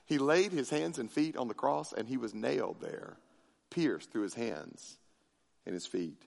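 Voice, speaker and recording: A man preaching a sermon as pastor, with impassioned delivery that swings between loud, high emphasis and low, quiet lines. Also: expressive, unhurried, gravelly. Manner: impassioned preaching with big swings in pitch and loudness. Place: large church sanctuary. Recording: long hall reverb from a church.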